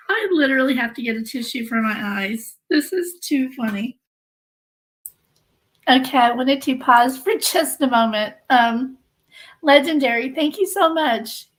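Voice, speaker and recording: A woman with a high, bright-pitched voice hosts a casual live stream. She reads a document aloud slowly and deliberately, then drops in dry, joking comments to her chat. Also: rough recording. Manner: reads a legal text aloud with wry asides. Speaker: host of a live true-crime stream.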